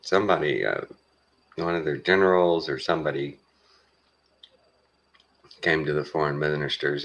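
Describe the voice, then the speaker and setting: A man with a Texan accent talking casually to his viewers, meandering along with lots of pauses and folksy phrasing. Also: extremely low pitch, fairly bright tone. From Texas. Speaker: vlogger. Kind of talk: casual rambling monologue.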